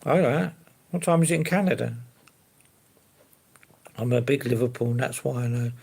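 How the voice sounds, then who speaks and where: A man hosts a relaxed live stream and answers viewers as they come in. His voice sits at a middling pitch with a gravelly edge, and he rambles along easily, leaning often on fillers. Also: normal speed. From London. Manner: easygoing, rambling, fillers and hedges like to be honest.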